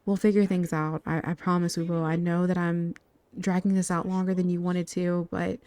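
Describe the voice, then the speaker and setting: A woman's voice: fairly low pitch, moderate pace, smooth, no room sound, natural voice. A woman voicing a cheerful middle-aged father who agrees to everything, in a life-sim storyline. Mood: reassuring. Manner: relaxed, agreeable. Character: easygoing middle-aged father in high spirits.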